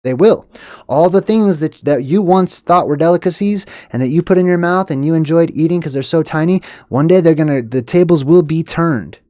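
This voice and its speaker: A man hosting a casual monologue, rambling and animated, laughing between his own asides. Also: a little high, moderate pace, no room sound, studio quality. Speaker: host.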